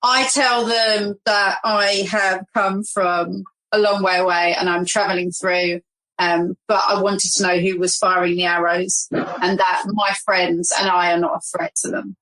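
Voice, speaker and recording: A woman's voice: mid-range voice, little pitch movement, a little slow, fairly bright tone, rough recording. A woman playing in an improvised tabletop game, casual and playful, hesitating with frequent ums. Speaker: player.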